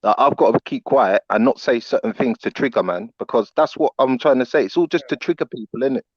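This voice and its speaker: A man's voice: mid-range voice, fast, breathy edge, no room sound. A man, a guest on an online panel, talking casually in street slang. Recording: dry, dull call audio.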